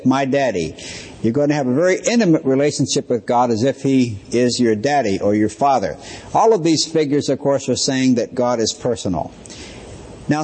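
A man delivers a sermon-style Bible lesson at a mid pitch, his voice a little husky. He explains in a measured way and slows down to stress key phrases. The sound rings with the long reverb of a large hall. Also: darkish tone. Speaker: Bible teacher.

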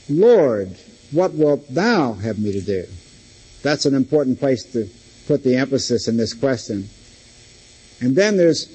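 Older man, sermon delivery, husky tone, a touch high, deliberate emphasis on key words. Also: a little mellow, low-quality recording. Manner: stresses single words and slows down for emphasis. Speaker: preacher.

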